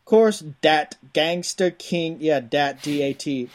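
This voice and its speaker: A man putting on a hammy Cajun swamp-hero drawl. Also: on the high side. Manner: hammy drawled Cajun put-on with slow stretched words.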